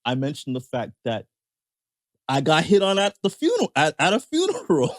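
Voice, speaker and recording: A man's voice: fairly high pitch, wildly swooping pitch, moderate pace, no echo, clean studio sound. A man co-hosting a podcast in casual chat, talking in hesitant restarts and laughing often. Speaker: podcast co-host.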